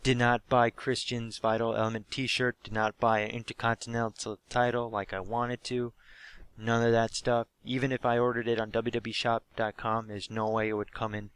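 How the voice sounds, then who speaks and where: Hoarse young man telling a rowdy story. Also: medium pitch, normal speed, no room sound. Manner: animated storytelling, swears freely, acts out quotes. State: hoarse throat. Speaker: wrestling fan reviewing a live show. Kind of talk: casual excited recap.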